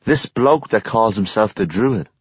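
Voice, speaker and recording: A calm young dealer, as a male narrator plays him, pitched well below the narrator's own voice, slightly husky, and explaining things plainly. The recording is dry and a little muffled. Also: measured pace, dry recording. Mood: matter-of-fact. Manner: flat, explaining. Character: calm young Irish dealer, matter-of-fact.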